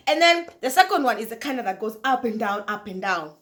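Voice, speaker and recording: Woman host with a crisp, fairly high voice, animated and laughing as she tells a story. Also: fairly quick, hardly any pauses, faint music behind. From Kenya. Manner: animated, laughs often, addresses viewers as guys. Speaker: talk show host. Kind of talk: casual storytelling vlog.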